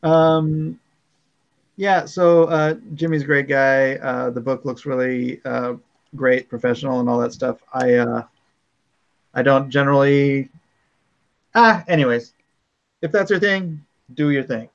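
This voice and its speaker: A man hosting a casual livestream, chatty and relaxed, laughing often. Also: medium pitch, measured pace, vocal fry, pauses often. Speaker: livestream host. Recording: dull lo-fi stream audio.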